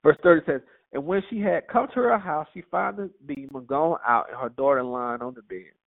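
Brief: lively male Bible teacher, gravelly fry, tinny phone-like sound. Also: fairly high pitch, normal speed. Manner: lively, conversational, with rhetorical questions. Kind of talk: casual Bible teaching, reading and commenting.

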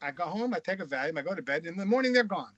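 A man with a high, bright voice spins frank, crude stories as a guest author. His delivery is casual and animated. The recording is dry and slightly muffled. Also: racing, no room sound. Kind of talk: casual anecdotal storytelling.

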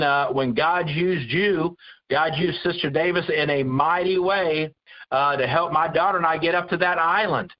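A man's voice: a little high, unhurried. A man teaching a Bible study in a conversational preaching style, earnest and full of restarts and repeated words. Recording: dull lo-fi recording.

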